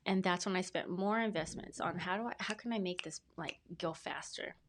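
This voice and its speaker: A woman in her thirties speaking with a somewhat low voice. She talks as a podcast guest, earnest and rambling, and she often circles back and restarts her sentences. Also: fairly quick, background noise. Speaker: podcast guest, brand specialist. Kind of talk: casual interview storytelling.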